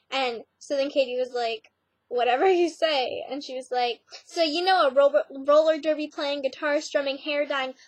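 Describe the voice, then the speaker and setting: Chatty high-voiced teen girl, sarcastic. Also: no echo. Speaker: vlogger. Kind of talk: casual vlog rant.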